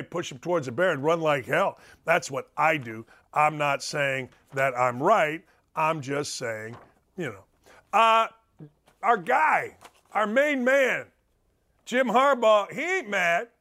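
A middle-aged man hosting a sports talk show, ranting in a brash, combative, mocking way with big swings in pitch and loudness. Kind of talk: opinionated sports radio rant.

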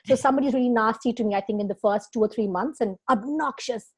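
A woman's voice: a little high, brisk, breathy edge. A woman guest in a casual interview, talking expressively with frequent fillers and laughs. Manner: expressive, emotional, laughs often, many fillers.

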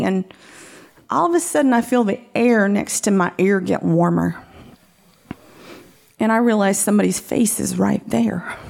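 A woman with a somewhat high voice full of gravelly fry tells a personal story on stage. She is frank and candid and keeps laughing through her words. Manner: frank, candid, often laughing while talking.

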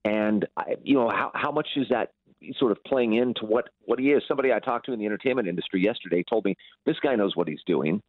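A man working as a news correspondent, reporting live over the phone in a conversational, halting way with fillers and repeats. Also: fairly low pitch, no echo. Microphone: telephone. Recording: tinny phone line.

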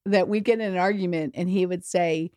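A woman's voice: fairly low pitch, steady tone, fairly quick, dark tone, dry recording. A middle-aged woman, a grief educator guest, telling her story candidly in an earnest, emphatic way on a podcast. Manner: earnest and emphatic, with many restarts.

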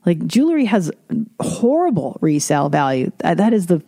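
A middle-aged woman hosting her own podcast, talking bluntly and swearing freely as she rambles from one thought to the next. Her voice sits low and mellow. The sound is close and dry, with no room around it. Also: very animated, normal speed, dry recording. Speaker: podcast host. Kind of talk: casual solo podcast talk.

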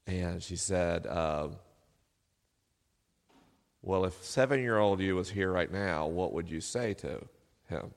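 Low-pitched with vocal fry, the middle-aged podcast host takes his time and leaves long pauses. He laughs often and jokes at his own expense while telling a personal story at a live venue, where the hall's long reverb carries his voice.

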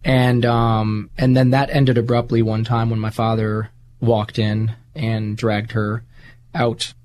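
An American man, interviewed as a guest, tells his life story candidly, in an earnest, rambling manner with frequent repeated words. His voice sits on the low side and is a little mellow, delivered slowly and in a monotone.

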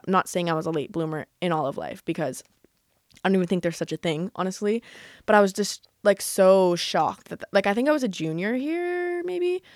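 A woman's voice: mid-range voice, dry recording, studio quality. A young adult woman vlogging casually, chatty and laughing often, filling her talk with "like" while reading from her old journals.

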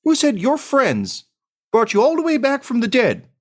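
A man's voice: extremely high pitch, wildly swooping pitch, normal speed, voice pushed up, exaggerated voice. A man voicing a doting middle-aged farm mother who quavers, fusses and scolds through tears. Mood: fussing.

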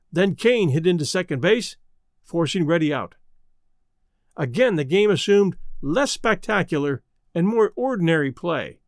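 Male narrator, high and animated, dry close sound, expressive storybook reading. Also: no echo. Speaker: audiobook narrator.

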